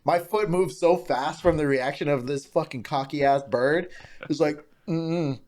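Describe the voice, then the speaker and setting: A man co-hosting a casual podcast, telling profane stories with lots of laughter and quick put-on voices. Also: fairly high pitch, a little mellow. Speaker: podcast co-host.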